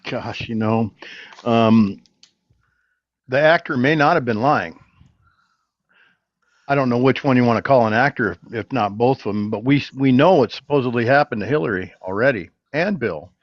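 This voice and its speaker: Male panelist, relaxed musing delivery, dry and muffled remote line. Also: mid-range voice, moderate pace, pauses often, no echo. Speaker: panelist on a live show. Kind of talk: casual political chat.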